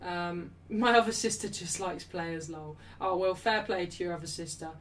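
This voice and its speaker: A woman's voice: fairly low pitch, normal speed, far from the mic. A young English woman hosting a live football watchalong, reading out super chats in blunt, sweary casual chat. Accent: English, not Mancunian. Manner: blunt, swears freely, loud and defensive, then apologetic. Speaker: livestream host of a football watchalong.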